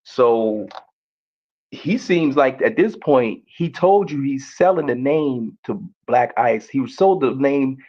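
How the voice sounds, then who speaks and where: A man's voice: mid-range voice, animated, slow pace, darkish tone, lo-fi sound. A man hosting a faith-based arbitration show, hearing a case, often repeating words and restarting.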